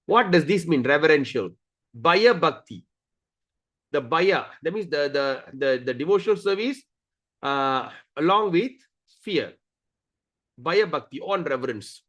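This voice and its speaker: Brief: high-voiced, expressive male scripture teacher who circles back over key words. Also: unhurried. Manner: animated, acts out stories with voices; repeats key words, restarts sentences. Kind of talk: scripture study lecture.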